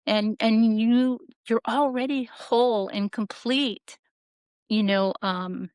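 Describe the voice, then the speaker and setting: A woman's voice: on the high side, steady tone, takes it slowly, darkish tone, smooth, no room sound. A middle-aged woman as a podcast guest, candidly telling her story in an earnest, reflective way and acting out the voices she quotes.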